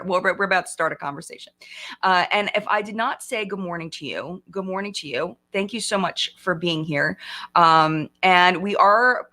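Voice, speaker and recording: Chatty, excitable woman hosting a live chat. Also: on the low side. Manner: chatty and excitable, frequent fillers and laughs. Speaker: live stream host.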